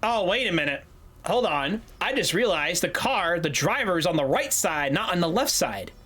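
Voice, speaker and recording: A man's voice: high-pitched, sing-song, moderate pace, bright, forceful tone, breathy edge. A man chatting casually on a gaming livestream, rambling loosely, swearing freely and laughing easily. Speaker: streamer.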